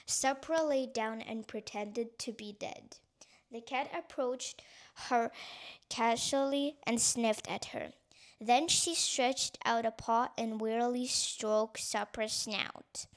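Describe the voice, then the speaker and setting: A woman narrating a bedtime story in a soft, soothing way. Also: a little high. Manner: soft, slow, soothing reading.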